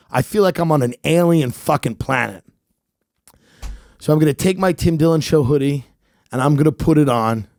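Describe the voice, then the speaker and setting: A man playing a broke, bitter middle-aged father and devoted fan, ranting and working himself up to shouting. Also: fairly high pitch, dry recording, clean studio sound, pitched below the performer's own voice. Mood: bleak. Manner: escalating unhinged rant, shouting.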